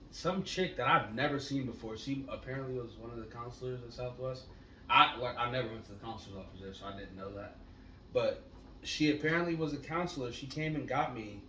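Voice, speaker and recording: Laid-back profane man on a podcast. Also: mid-range voice. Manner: laid-back, profane, swings up loud when excited. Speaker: podcast co-host. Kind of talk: casual storytelling chat. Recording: echoey room, mic at a distance, noisy.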